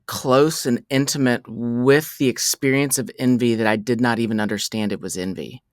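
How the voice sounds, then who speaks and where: A man sharing reflections as a podcast guest, halting, with many fillers and restarts. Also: mid-range voice, steady tone, no echo, studio quality.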